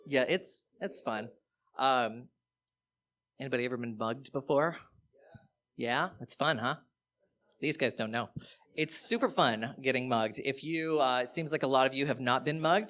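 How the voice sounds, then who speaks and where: A man performing a stand-up comedy set on stage, telling stories in an animated way and acting out the other people in them. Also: mid-range voice. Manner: animated storytelling, acting out quoted voices. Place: live comedy venue, audience laughter.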